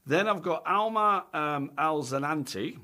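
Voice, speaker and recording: A man's voice: fairly high pitch, lively intonation, a little slow, pushed and bright. A Scottish man hosting a casual radio chat, talking chattily and tagging his sentences with "okay" and "right?". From Scotland. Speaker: radio show host and drummer.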